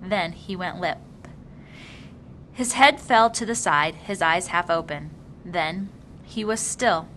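Female audiobook reader, lower register, measured narration, slight background hum. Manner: measured, even storytelling. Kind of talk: reading a novel aloud.

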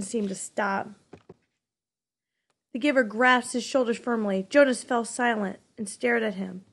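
A woman reading a novel aloud in an even, unhurried storytelling style. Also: on the high side. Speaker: narrator. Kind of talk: audiobook reading.

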